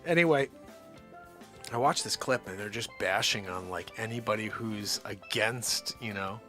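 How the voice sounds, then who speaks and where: A man hosting his nightly live show, joking around and swinging between loud hype and low mutters. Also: unhurried, faint music behind. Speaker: host. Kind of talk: comedic live-stream banter.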